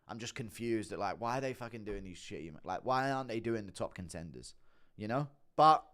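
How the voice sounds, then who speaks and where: A man's voice: lowish voice, lively intonation, brisk, a bit bright. A man doing casual live-stream commentary, swearing often, laughing a lot and talking to his chat. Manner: giggly, profane, talks to chat.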